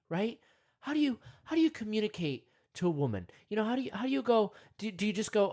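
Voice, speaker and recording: Young guy rambling thru a goofy meditation bit, talks to himself, keeps jumping up high and excited. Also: fairly quick. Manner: rambling, self-talking, jumps into high excited voices. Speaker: comic meditation guide. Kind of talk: rambling comic monologue.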